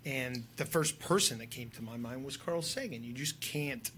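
Animated male guest telling stories. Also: mid-range voice, moderate pace, slight background noise. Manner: animated, conversational storytelling with filler words. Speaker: guest filmmaker and drone pilot. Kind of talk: casual podcast chat.

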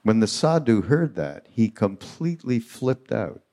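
Guy hosting a live retreat talk, lowish voice, acts out the quotes as he goes. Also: a little slow. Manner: animated storyteller acting out quotes. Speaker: podcast host. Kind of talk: spiritual storytelling.

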